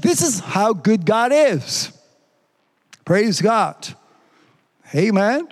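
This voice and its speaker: A pastor preaching a sermon, fervent and repetitive, peppering his talk with "praise God" and "amen.". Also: sits high. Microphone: streamed online service.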